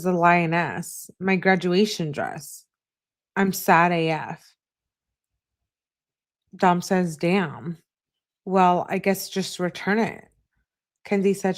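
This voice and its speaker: A woman hosting her channel, casually reading text messages aloud and adding short remarks of her own. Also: on the low side. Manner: reads messages in a flat, unhurried voice with short asides.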